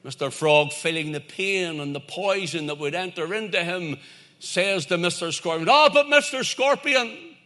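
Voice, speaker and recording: Male preacher, high and bright, emphatic repeating sermon delivery. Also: steady tone, moderate pace. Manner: emphatic and repetitive, building lists to a climax.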